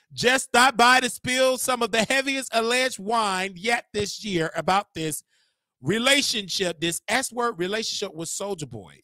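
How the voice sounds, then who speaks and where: Young guy hosting a live stream, gossipy and animated, bright voice, dry close mic. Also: sits high, no room sound. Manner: animated, gossipy, laughs a lot. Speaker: show host. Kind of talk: casual livestream commentary.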